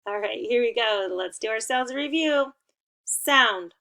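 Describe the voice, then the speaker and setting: A woman's voice: fairly high pitch, moderate pace, gravelly. A woman teaching young children a remote lesson, giving playful and encouraging instructions.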